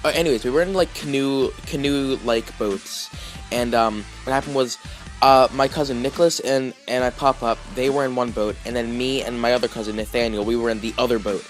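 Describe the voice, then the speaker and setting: Male vlogger, casual rambling storyteller, average pitch, soft music bed. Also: fairly even intonation, a little fast. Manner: rambling, heavy with fillers and restarts.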